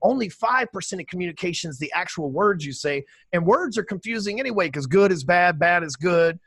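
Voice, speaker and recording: High-pitched, high-energy guest man. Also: animated, fairly quick, a bit bright, slightly rough, no room sound. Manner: high-energy, emphatic, swears casually. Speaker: podcast guest, sales trainer. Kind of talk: energetic interview talk.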